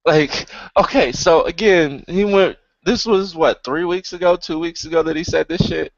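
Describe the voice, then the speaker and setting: A man's voice: a little high, normal speed, dry recording, muffled recording. A man co-hosting a casual podcast chat, riffing sarcastically and swearing freely. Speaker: podcast co-host.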